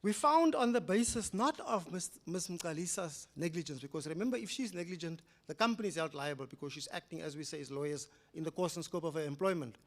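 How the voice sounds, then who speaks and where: High-voiced older South African man lecturing. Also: fast, few pauses. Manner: animated, swings between loud emphatic rises and quiet low asides. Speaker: judge giving a public lecture. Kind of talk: public lecture, storytelling. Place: lecture hall.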